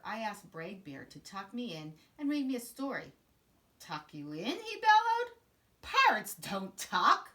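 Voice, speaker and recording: A woman teacher reading a children's picture book aloud in an expressive, sing-song way. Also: mid-range voice. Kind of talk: children's storybook read-aloud.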